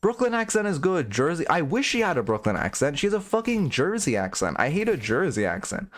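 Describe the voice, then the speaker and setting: A man's voice: on the high side, sing-song, brisk, a bit bright. A young man streaming and coaching a game, rambling through frank, profane critique in casual commentary.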